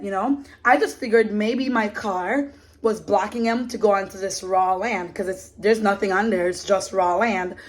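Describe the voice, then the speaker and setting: A woman telling a story in a casual vlog, in an indignant, emphatic way. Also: mid-range voice. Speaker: vlogger.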